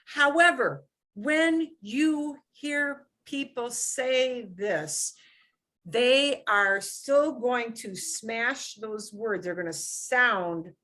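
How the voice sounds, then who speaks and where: A woman's voice: a little high, very slow, sharp tone. A woman teaching a beginner Spanish class, explaining patiently and often checking in with "okay?".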